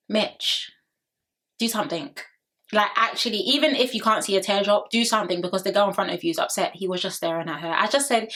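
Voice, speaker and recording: Young woman, sassy reality TV recap vlogger, bright tone, casual chat straight to viewers. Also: mid-range voice. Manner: sassy, opinionated, addresses viewers directly. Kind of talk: casual chatty commentary.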